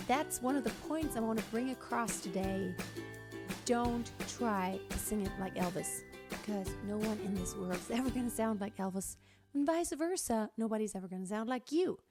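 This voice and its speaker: A woman teaching a singing lesson, speaking with enthusiasm and encouragement and now and then dropping to a breathy tone to show voice colors. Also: mid-range voice. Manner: enthusiastic, encouraging, shifts between strong and breathy tones. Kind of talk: vocal lesson with sung demonstrations.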